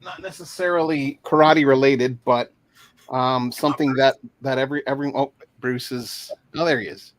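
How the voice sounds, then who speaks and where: A man chatting casually as a guest, talking haltingly with many fillers and restarts over a video call. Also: medium pitch, fairly even intonation, no room sound. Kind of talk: casual chat.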